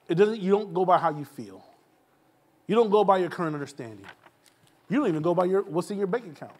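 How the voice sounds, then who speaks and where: Speaking in a high voice, the pastor recounts something that happened to him during an informal church Q&A, imitating the people in the story and chuckling at his own jokes.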